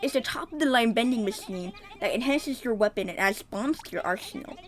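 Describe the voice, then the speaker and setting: A woman's voice: fairly high pitch, expressive, brisk, natural voice. A woman voicing a nerdy male horseshoe-crab weapon shopkeeper with an exaggerated nerdy voice while reading game dialogue aloud. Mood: cheerful.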